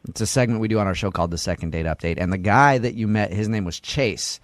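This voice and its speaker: A man hosting a morning radio segment, brisk and teasing. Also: on the low side, no echo. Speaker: radio host.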